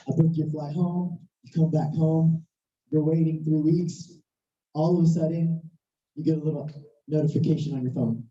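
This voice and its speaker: A preacher with a hoarse, worn-out voice tells a sermon story, acting out the dialogue with big leaps in pitch. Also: steady tone, normal speed, mellow. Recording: roomy, distant, dull sound.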